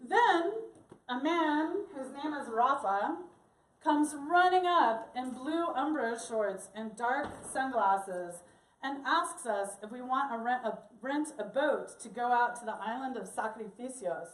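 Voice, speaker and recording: A woman telling a personal story to an audience in an animated, expressive way. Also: high-pitched, a little slow, roomy sound, distant mic. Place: church hall.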